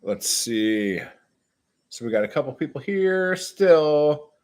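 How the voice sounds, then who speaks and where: A man chatting casually with viewers and reading his own poems on a livestream from a dim room at home, swearing often and reading the verse slowly. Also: a little high, animated, darkish tone. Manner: profane, chatty, slow deliberate reading.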